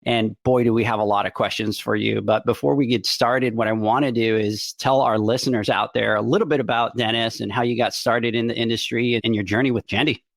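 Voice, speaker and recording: Upbeat podcast host, dry close sound. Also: male voice, mid-range voice, steady tone, brisk, gravelly, few pauses, no echo. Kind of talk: casual podcast interview.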